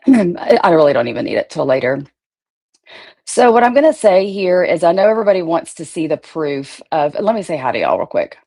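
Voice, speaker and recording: A woman talks on her own livestream in a casual, rambling way. Her voice sits a little low, and she greets viewers by name and swears without a second thought. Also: sing-song, fairly quick, mellow. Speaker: livestream host.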